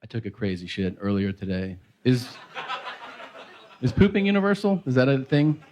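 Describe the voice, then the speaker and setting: A man's voice: medium pitch, big pitch swings, normal speed, highs cut off, very noisy. A male stand-up comedian doing a crude, self-deprecating set and acting out conversations, recorded live on a club stage with audience laughter behind.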